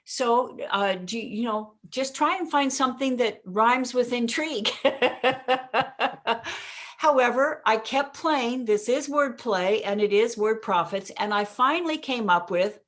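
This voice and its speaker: Woman guest on an interview, animated, acts out her lines with dramatic pauses, laughs a lot. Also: fairly high pitch. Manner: expressive, demonstrates delivery with pauses and emphasis; laughs often while talking. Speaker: communication coach, guest.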